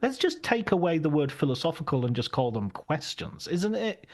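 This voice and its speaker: A man hosting a casual film talk, animated and laughing, arguing against critics. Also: a little high, a little fast. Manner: animated, laughs often, argumentative asides. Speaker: podcast host.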